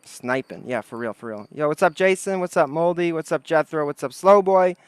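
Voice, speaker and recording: A man whose voice is a little high, smooth and a little fast hosts a casual outdoor livestream using a desk microphone, with no echo. He rambles, thinks aloud and greets the chat as he talks with viewers.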